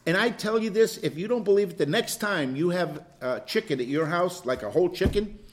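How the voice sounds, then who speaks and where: A man's voice: sits high, a little fast. A man leading an informal Bible study, teaching animatedly and acting out little scenes of dialogue. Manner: animated, plays out quoted dialogue with swings from loud to hushed.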